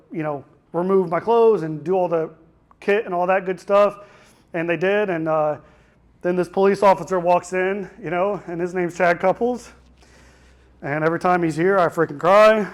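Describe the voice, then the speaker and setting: A man's voice: sits high, fairly even intonation, normal speed. A young man giving a keynote speech, telling a personal story in a raw, emotional way with frequent restarts. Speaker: keynote speaker. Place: conference hall.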